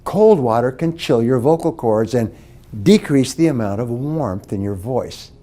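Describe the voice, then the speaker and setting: A man's voice: mid-range voice, lively intonation, unhurried, mellow. A man giving a motivational speech on speaking skills, stressing key words emphatically.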